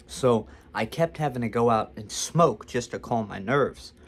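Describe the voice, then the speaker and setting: This vlogger's mid-range voice moves a little slowly. He rambles through a storytime tale for the camera, self-deprecating and frequently starting over.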